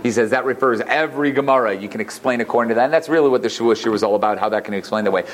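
A man's voice: mid-range voice, very fast. A man in a mid-range voice teaches a Torah class through a story. He talks animatedly, often restarting his sentences and breaking off for asides.

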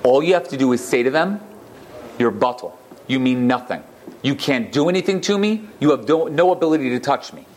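A man's voice: medium pitch, lively intonation, fairly quick, a little mellow, slight background noise, lightly acted. A man voicing a stern wise rebbe. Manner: firm, admonishing. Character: stern wise old male rebbe, calm authority.

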